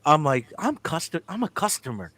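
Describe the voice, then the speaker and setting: A man telling a story in casual chat, swearing freely and acting out the dialogue with lively energy. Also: on the high side, normal speed, breathy edge. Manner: animated, profane, acts out the dialogue. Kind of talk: casual storytelling among friends.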